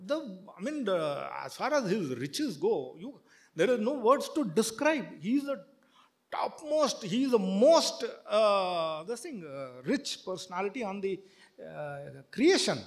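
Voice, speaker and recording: A man giving a sermon, chanting verses and then explaining them at length, often halting with fillers and restarts. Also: high voice, big pitch swings. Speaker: preacher.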